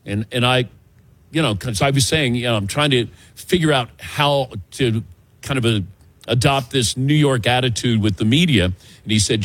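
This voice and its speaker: A man's voice: medium pitch, moderate pace, no room sound. A man hosting a sports talk show, telling stories in casual banter and acting out other voices. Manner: lively storytelling, acts out voices. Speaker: radio show host.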